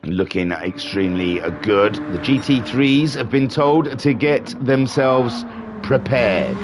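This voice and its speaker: A man's voice: mid-range voice, takes it slowly, background noise. A man doing live commentary for a sim racing league stream, chatty and rambling, with self-deprecating asides. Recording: music playing behind voice. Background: music.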